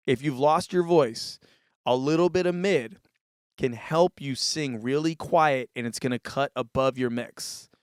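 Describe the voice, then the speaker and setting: A laid-back music tutorial host gives a casual demo of a live mixer, speaking into a vocal mic routed through it and demonstrating with his voice. His medium-pitched voice is smooth, he says "dude" a lot, and the sound is dry and clean, studio quality.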